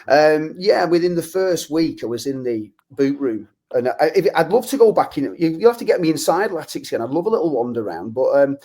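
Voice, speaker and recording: A man, a guest on a podcast chatting about his football youth in a rambling, halting way. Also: fairly high pitch, animated, dark tone. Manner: rambling, halting storyteller with many restarts. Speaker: guest, former youth player and musician. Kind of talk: casual chat.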